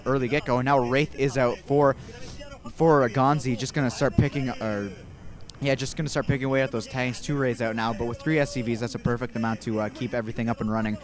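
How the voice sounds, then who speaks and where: A young man casting a video game match in an easygoing, rambling way. He often backtracks and corrects himself mid-sentence. His voice sits at an ordinary middle pitch. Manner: rambling, relaxed, self-correcting. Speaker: amateur esports caster. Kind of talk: casual play-by-play game commentary.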